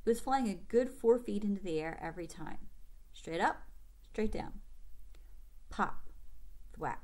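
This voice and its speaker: A woman's voice: medium pitch, animated, moderate pace, mellow. A woman reading a children's novel aloud with commentary, asking her young listeners questions like a teacher.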